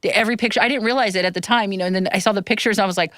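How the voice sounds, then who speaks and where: A woman's voice: medium pitch, steady tone, racing, fairly bright tone, dry recording. A woman in her thirties hosting a podcast, telling stories in a rambling, emotional way and tearing up as she talks. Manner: emotional, tearful, rambling storytelling. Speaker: podcast host. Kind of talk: casual chat. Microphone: podcast microphone.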